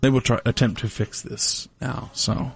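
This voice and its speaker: A man's voice: mid-range voice, level tone, moderate pace, slightly rough. Male co-host, mid-range voice, loose, joking delivery over light music. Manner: rambling, wry, jokey. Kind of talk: casual news chat.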